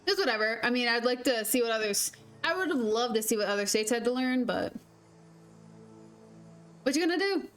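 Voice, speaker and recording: Rambling young woman gamer, high voice. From Minnesota, US. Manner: rambling, filler-heavy. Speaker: gaming streamer. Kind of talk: casual let's-play chat.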